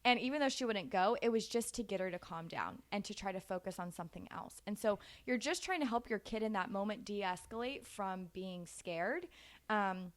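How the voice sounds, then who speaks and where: A woman in her twenties giving casual, animated parenting advice in a chatty way, laughing easily. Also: mid-range voice, moderate pace. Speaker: parenting vlogger.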